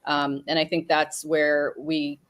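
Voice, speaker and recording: A woman's voice: sits low, level tone, takes it slowly. A woman hosts a webinar on a video call. She talks conversationally and reads out viewer comments. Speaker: webinar host. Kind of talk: casual webinar talk.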